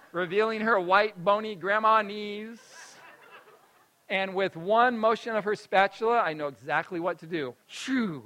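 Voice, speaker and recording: In a personal story, a man speaks in a bright, forceful, high voice, laughing often and shifting from loud to hushed in an animated way. The audio quality is poor.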